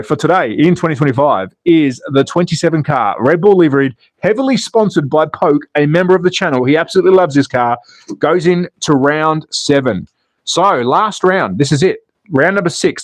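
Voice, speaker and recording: Australian man, livestream host, slightly high voice, dry close sound, chatty and jokey. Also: no room sound. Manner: chatty, jokey, talks straight to viewers. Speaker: slot car race livestream host. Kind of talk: live race commentary and viewer chat.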